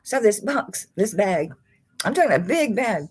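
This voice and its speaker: A woman's voice: mid-range voice, big pitch swings, unhurried, breathy edge. A woman hosting a live jewelry auction stream, chatting casually, chuckling and talking to the pieces she holds.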